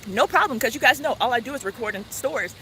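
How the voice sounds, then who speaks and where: A woman vlogger telling a story in a casual, earnest, animated way, with many fillers. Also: on the high side, fast, a little hiss or hum.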